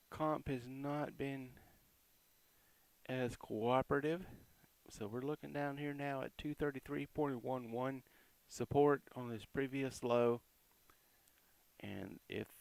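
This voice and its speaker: A man giving casual, chatty commentary on crypto price charts, reading out support and resistance levels with quick asides. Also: medium pitch, fairly even intonation, vocal fry, clean tone, no echo.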